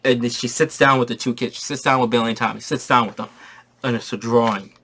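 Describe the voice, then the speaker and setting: A man giving a casual movie review who talks in an excitable, rambling way and repeats his phrases. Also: medium pitch, fast, a little hiss or hum.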